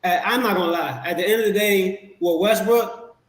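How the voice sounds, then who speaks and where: A man as a podcast guest, talking basketball in a relaxed, rambling way with many fillers and restarts. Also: high voice, normal speed. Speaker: podcast guest, Sixers fan. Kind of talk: casual sports talk. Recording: echoey room.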